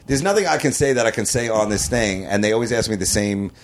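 Low-voiced rambling comedian guest. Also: male voice, lively intonation, fast talker. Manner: rambling, trailing off, many fillers and restarts; laughs at his own stories. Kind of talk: casual podcast chat.

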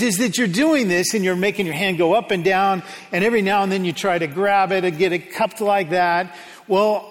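High-voiced pastor in an echoey hall. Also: male voice. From United States. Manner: conversational, self-deprecating storytelling. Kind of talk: sermon. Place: church sanctuary.

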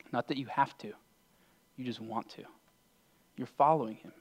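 Pastor, male, mid-pitched voice; earnest sermon delivery that swings from loud urging to hushed near-whispers. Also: a little slow. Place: church sanctuary.

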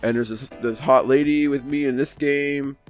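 A man voicing loud, bragging rich schoolboys who mock a classmate. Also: mid-range voice, fairly even intonation, moderate pace, soft background music, voice pushed up, natural voice. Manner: loud, showy and mocking.

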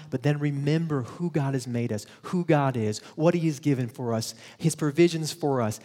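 A man's voice: medium pitch, darkish tone, in a large hall. A male pastor preaching a conversational sermon, telling stories and laughing at himself.

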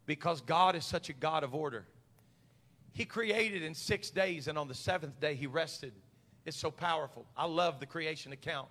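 High bright-voiced preacher man. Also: moderate pace. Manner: preaching with rising intensity and crowd call-and-response; mimics worried congregants. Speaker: pastor. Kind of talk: sermon.

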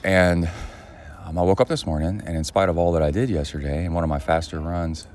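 A man hosting his own podcast in casual solo chat outdoors by a pool, rambling and halting with lots of fillers. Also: low-pitched, steady tone, darkish tone. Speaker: podcast host.

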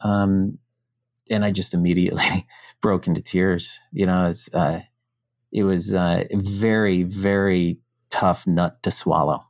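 A middle-aged man from the United States, a podcast guest telling his story in a frank, animated, casual way, swearing now and then. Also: sits low, measured pace, dry recording, clean studio sound.

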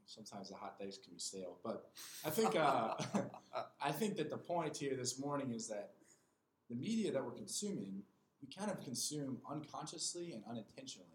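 A man in his twenties, a podcast guest, talking in a measured, earnest way and reading a passage aloud. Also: mid-range voice, very animated, a little hiss or hum. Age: 20s. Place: small room with other people. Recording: roomy echo with faint ambience.

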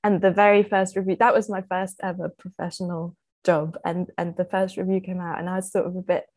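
A woman's voice: lowish voice, level tone, brisk, darkish tone, no echo. Chatty young woman, English. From Austria. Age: young adult. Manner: chatty storyteller, laughs often. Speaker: actor guest. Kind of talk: casual interview chat.

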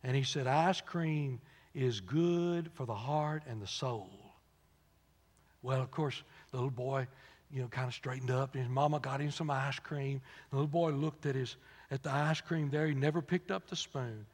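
A man preaching a sermon in a folksy storytelling manner, dropping to soft asides and rising to loud, emphatic peaks. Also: mid-range voice, normal speed. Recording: long reverb of a large hall.

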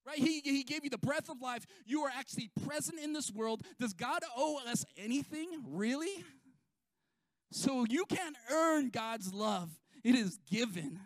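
A man preaching a sermon as pastor, talking emphatically and repeating key phrases, with sharp swings in loudness. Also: extremely high pitch, no echo.

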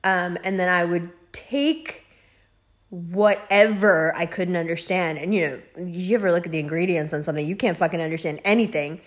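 A woman's voice: fairly low pitch, moderate pace. A young woman hosting a podcast, telling rambling, profane stories in a casual monologue, laughing often. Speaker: podcast host.

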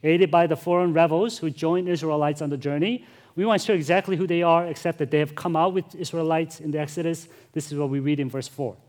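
Male pastor, sermon delivery, earnest and emphatic, somewhat high-pitched. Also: steady tone, fast, a little mellow. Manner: earnest, emphatic, addresses congregation directly.

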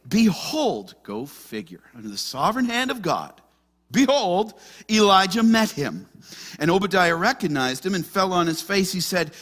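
A male pastor delivers an animated sermon, at times acting out the worried voices of the people in the passage. His voice sits high and bright, and the long tail of hall reverb follows every line. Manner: animated, acts out frightened voices of scripture figures.

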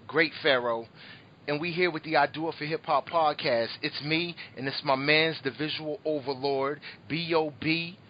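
A man's voice: a little high, lo-fi sound. A man hosting a podcast in casual chat, laughing and rambling, a little tipsy after a couple of drinks. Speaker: podcast host.

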